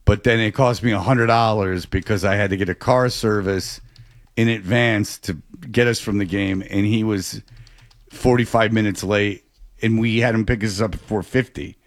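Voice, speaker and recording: A man's voice: on the low side, moderate pace, no room sound. Rambling man telling a story. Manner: rambling, animated storyteller with frequent restarts. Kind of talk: casual storytelling chat.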